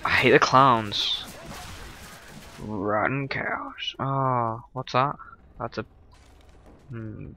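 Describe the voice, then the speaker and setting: Man, let's play host: gravelly, sharp-edged, slow and sardonic. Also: mid-range voice, steady tone. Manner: sarcastic, exclaiming at the game. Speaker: gaming video host.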